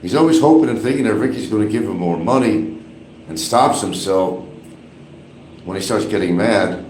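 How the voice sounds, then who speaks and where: A man's voice: on the low side, moderate pace, darkish tone. A man live-streaming casual, rambling, gossipy commentary from a small bathroom with an exhaust fan running. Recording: echoey bathroom, faint fan hum.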